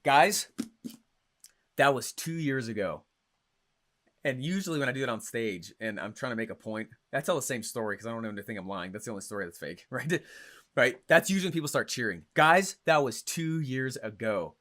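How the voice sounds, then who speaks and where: A young adult man coaching on marketing, talking in an energetic, punchy way and often checking in with "right?" and "okay?". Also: medium pitch, fast talker. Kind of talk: stage-style teaching talk.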